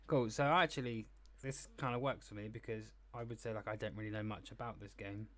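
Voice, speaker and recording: A man's voice: lowish voice, fairly even intonation, brisk, fairly bright tone. A man co-hosting a casual podcast, reluctant and self-deprecating as he reads a synopsis aloud. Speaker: podcast co-host. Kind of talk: casual chat, reading aloud.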